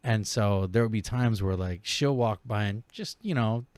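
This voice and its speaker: A middle-aged man, a podcast guest, telling lively family stories in casual talk, laughing often and acting out the people he quotes. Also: fairly low pitch, normal speed, no echo. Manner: animated, laughing often, quoting people in character. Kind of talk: casual storytelling. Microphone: studio podcast mic.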